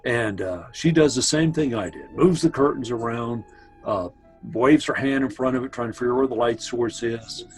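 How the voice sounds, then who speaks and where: Man, mid-pitched voice, casual storytelling, meandering asides, faint music behind. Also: moderate pace, breathy edge, low-quality recording. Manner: meandering, conversational, full of asides to his listener. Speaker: family storyteller.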